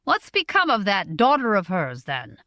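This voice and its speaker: A woman's voice: mid-range voice, wildly swooping pitch, moderate pace, sharp tone, no room sound, clean studio sound. Woman reading as bluff teasing merchant man. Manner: blustery, teasing. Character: bluff hearty male merchant, mid-forties.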